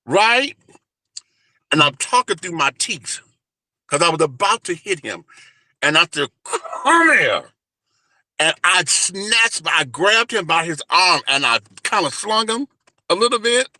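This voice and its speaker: A man in his forties telling a personal story in an animated, flamboyant, profane way during a casual interview. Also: sits high, moderate pace, no room sound. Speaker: guest, entertainer and radio host.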